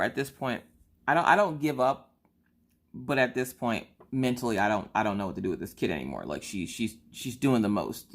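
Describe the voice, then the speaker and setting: A woman in her thirties chatting casually on her vlog, telling a family story in an animated, exasperated way. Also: rumbling low. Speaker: vlogger.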